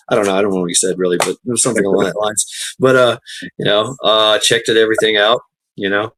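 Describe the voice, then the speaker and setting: A man's voice: on the low side, a little fast, a bit bright, slight background noise, low-quality recording. A man hosting a livestream, telling a casual rambling story, laughing often and swearing freely. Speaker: livestream host.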